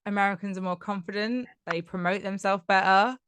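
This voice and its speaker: A talkative woman with a Nottingham English accent, speaking over a video call and laughing easily. Her voice sits at a middle pitch and sounds dry and close, with no room around it. She strings thoughts together with lots of "like". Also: steady tone, brisk, fairly bright tone, clean tone, no echo. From England. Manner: chatty, laughs often, many "like" fillers. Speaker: guest business coach.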